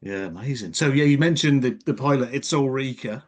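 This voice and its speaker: A man's voice: mid-range voice, brisk. A man hosting a podcast, asking chatty, prompting questions of his guest. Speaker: podcast host. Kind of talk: interview questions.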